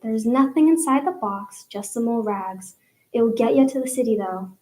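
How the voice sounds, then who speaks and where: A woman reading aloud and voicing a gruff but motherly older woman cook with a thick put-on brogue and folksy talk. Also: a little high, moderate pace, darkish tone, echoey room, close to an everyday voice. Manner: hollering then cooing, folksy speech with "aye" and "ya".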